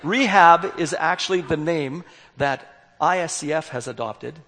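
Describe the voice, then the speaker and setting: A man's voice: medium pitch, fairly bright tone, breathy edge. A man giving a candid, self-deprecating sermon as a youth worker, acting out his own dialogue. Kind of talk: sermon with storytelling. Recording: long hall reverb.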